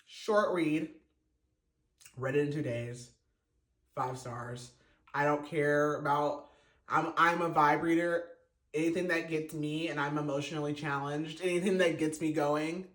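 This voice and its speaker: A man's voice: fairly high pitch, slow, pauses often, fairly bright tone. Gushing man on a roomy podcast. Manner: gushing and emotional, many fillers and restarts. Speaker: podcast host reviewing a book. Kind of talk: casual spoken book review. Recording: roomy echo.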